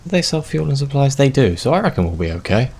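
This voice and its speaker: A man's voice: medium pitch, big pitch swings, fast talker, a little mellow, husky. A man playing a video game, reading its text aloud expressively and chatting in a self-deprecating way. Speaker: video game let's player.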